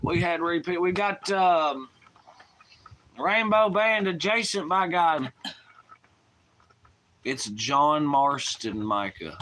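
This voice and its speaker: A man's voice: fairly high pitch, lively intonation, slow, long pauses, bright, forceful tone, slight background noise. Rowdy Southern man on a live stream. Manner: rowdy, profane, rambling, folksy slang. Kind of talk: casual live-stream chat.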